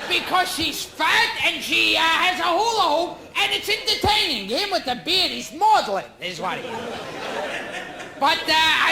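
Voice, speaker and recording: A man performing a stand-up comedy routine in a shrill, shouting delivery. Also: gravelly, background noise. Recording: echoey live room with audience laughter.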